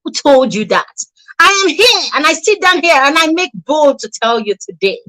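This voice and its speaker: Woman, parenting coach; high voice, punchy rhetorical delivery, sarcastic jabs. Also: big pitch swings, moderate pace, bright, forceful tone, low-quality recording. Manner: emphatic, repetitive, rhetorical questions, sarcastic asides. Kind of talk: motivational talk to parents.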